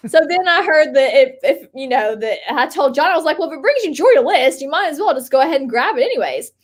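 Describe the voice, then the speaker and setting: A woman's voice: sits high, animated, quick pace. A woman co-hosting a casual livestream, chatty and giggly, rambling through stories with lots of laughter. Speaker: livestream co-host. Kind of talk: casual live chat.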